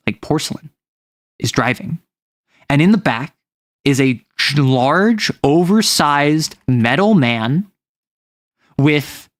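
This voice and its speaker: A game master recaps a tabletop session in loose, rambling chat, full of fillers and restarts. His voice sits a touch higher than most men's. The sound is dry, with no room echo. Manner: rambling, heavy use of "like" as filler, self-correcting. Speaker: game master recounting a campaign. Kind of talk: casual chat.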